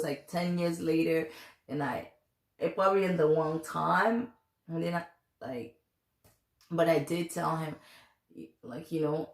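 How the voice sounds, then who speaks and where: A young woman in her twenties talks straight to her viewers, sharing a personal story in a loose, confiding ramble. Her voice sits on the low side with a gravelly edge, and she takes her time. The sound bounces around an echoey room. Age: 20s. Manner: chatty and confiding, rambling with fillers. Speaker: vlogger. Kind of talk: casual storytelling to camera.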